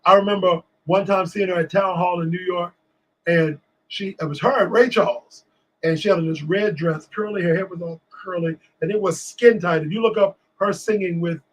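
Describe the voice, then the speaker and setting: A man from Washington, D.C., a guest on a talk show, telling lively stories and acting out what people said. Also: high voice, moderate pace, rough recording. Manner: animated storyteller acting out quotes. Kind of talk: storytelling in a casual interview.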